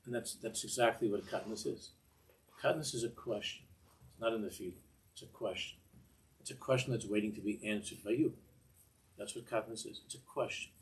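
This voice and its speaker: A man's voice: lowish voice, fairly quick. An older man teaching a Torah class in a discursive way, often repeating words and mixing in Hebrew phrases.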